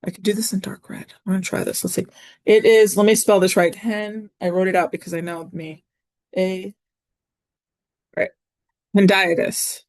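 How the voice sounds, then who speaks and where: A woman's voice: mid-range voice, little pitch movement, moderate pace, long pauses, darkish tone, no echo. Chatty woman teaching Latin, dry sound. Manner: chatty, self-correcting, frequent ums. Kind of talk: recorded classroom lesson.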